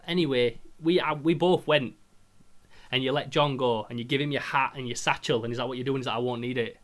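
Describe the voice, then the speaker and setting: A man's voice: mid-range voice, fairly even intonation, fairly quick. A man, animatedly retelling a video game's story on a podcast, swearing and acting out the characters' lines. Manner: swears freely, acts out game characters' lines. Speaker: podcast host. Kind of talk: casual chat, animated game recap.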